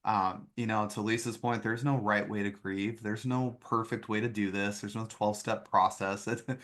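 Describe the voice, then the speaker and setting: Male podcast host with a slightly low voice; earnest, reflective delivery, filler-heavy. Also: fairly even intonation, moderate pace, a bit bright. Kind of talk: conversational podcast interview.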